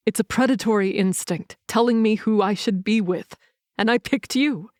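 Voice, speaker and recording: Reading for an audiobook, a woman plays a young male werewolf who is blunt and protective, her voice dropped slightly, close to her everyday voice, and delivered earnestly and steadily at a moderate pace. The sound is clean studio quality without room sound.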